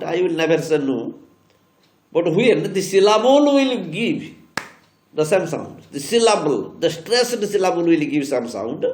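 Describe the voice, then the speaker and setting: A high, lively male voice with an Indian English accent, teaching slowly and spelling points out again and again. He repeats every key phrase to drive it home, and the recording has the echo of a bare room. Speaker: literature teacher. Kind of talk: classroom lecture on poetry. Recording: echoey room.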